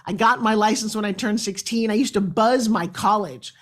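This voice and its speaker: A woman's voice: mid-range voice, moderate pace. A middle-aged woman from New York hosting a talk show, enthusiastic and chatty as she tells stories. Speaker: host.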